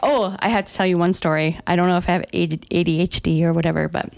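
A woman's voice: on the low side, fairly even intonation, quick pace, vocal fry, darkish tone. A middle-aged woman with a Red Lake Ojibwe accent hosting a radio show, chatting casually and self-deprecatingly with lots of fillers. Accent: Red Lake Ojibwe English. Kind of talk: casual on-air chat.

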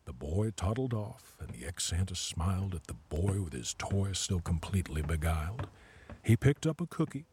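A man's voice: low-pitched, moderate pace, slight background noise. Man narrating in rhyming verse. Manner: sing-song, expressive.

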